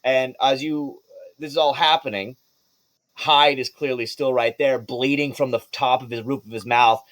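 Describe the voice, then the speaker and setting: A man's voice: medium pitch, steady tone, moderate pace, a bit bright, no room sound. A man running a tabletop game as game master, rambling with many restarts and frequent laughs.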